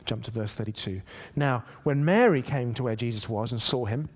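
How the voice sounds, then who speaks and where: A man's voice: mid-range voice, moderate pace. Emphatic male pastor preaching. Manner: animated, emphatic preaching with dramatic voiced quotes. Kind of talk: sermon.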